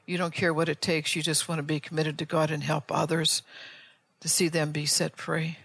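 A woman's voice: deep voice, flat delivery, normal speed, vocal fry, a bit bright, breathy edge, dry recording. An older woman preaching a fervent sermon, firing off rhetorical questions and often restarting or repeating her words as she builds to an altar call.

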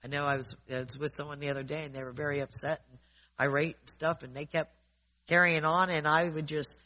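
A man's voice: fairly high pitch, level tone, brisk, bright, forceful tone, poor audio. A man preaching informally in a conversational way, often checking in with his listeners.

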